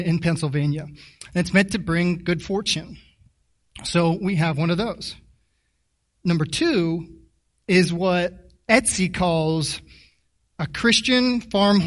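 Recorded at a distance, this high-voiced man delivers a sermon in a casual, talky style. He stumbles and repeats words often, and he keeps asking his listeners questions.

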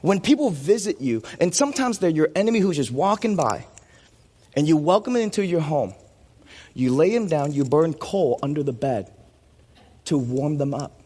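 A man's voice: fairly high pitch, lively intonation, normal speed, warm tone, husky, long reverb tail. A man preaching a sermon as pastor in a church, playful and joking with a volunteer on stage.

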